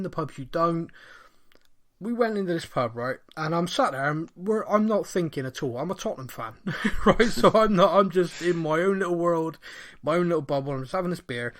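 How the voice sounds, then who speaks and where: Laughing Bristolian man telling stories. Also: on the high side. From Bristol, England. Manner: animated storyteller, laughs often, acts out voices. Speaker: podcast co-host. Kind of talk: casual chat.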